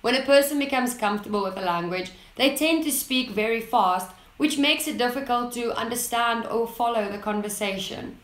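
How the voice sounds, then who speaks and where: A woman hosting an English lesson channel, explaining tips in a clear, deliberate way and stressing key words. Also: a little high, a bit bright. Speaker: English teacher, channel host. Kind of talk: scripted lesson to camera. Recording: roomy echo.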